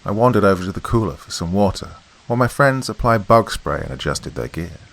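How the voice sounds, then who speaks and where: A man narrating a horror podcast story, reading his script at a measured, steady pace. His voice is low and deep throughout, unhurried and even. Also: low-quality recording.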